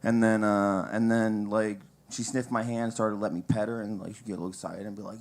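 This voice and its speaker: A man's voice: lowish voice, flat delivery, moderate pace, few pauses, darkish tone. A young man doing a casual, crude stand-up set at an open mic, rambling with asides and chuckling at his own jokes.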